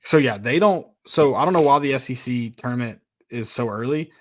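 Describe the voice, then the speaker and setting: A man's voice: mid-range voice, fairly quick, no room sound, studio quality. A young man co-hosting a casual sports podcast, easygoing and asking questions. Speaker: podcast co-host.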